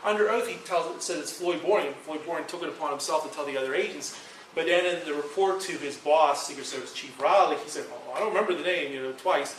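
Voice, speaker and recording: Fast-talking man lecturing in an echoey hall. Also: a little high, a little hiss or hum. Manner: rambling, animated storytelling with quoted dialogue. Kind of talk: university presentation. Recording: echoey room from far off.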